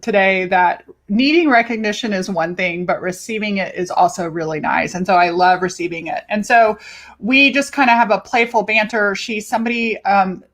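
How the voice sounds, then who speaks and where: A woman coach hosting her own podcast, talking casually with lively emphasis and free swearing. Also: mid-range voice, moderate pace. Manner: animated, chatty, swears freely, stretches words for emphasis. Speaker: life and business coach, podcast host.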